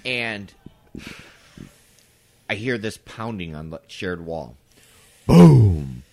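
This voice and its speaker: A man co-hosting a podcast, telling stories in casual chat, swearing freely and breaking into shouted impressions. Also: lowish voice, takes it slowly. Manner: animated, breaks into loud shouted impressions and laughs. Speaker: podcast co-host. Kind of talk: casual storytelling.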